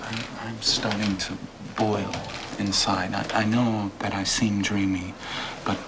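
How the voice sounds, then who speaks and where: A restless, bitter young son. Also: male voice, fairly low pitch, little pitch movement, background noise. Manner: tense, bitter, halting. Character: restless young man, grown son longing to leave home. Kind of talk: film drama acting.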